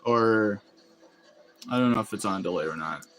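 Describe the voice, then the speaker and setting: A man's voice: fairly low pitch, moderate pace, fairly bright tone, soft background music. A man chatting casually on a live stream, rambling and laughing often as he reacts to chat. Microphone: phone.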